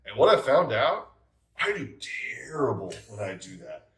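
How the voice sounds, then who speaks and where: A man's voice: mid-range voice, very animated, moderate pace, a bit bright. A man who runs tabletop games, giving emphatic advice in a casual roundtable chat. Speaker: tabletop game master. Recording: roomy, distant mic.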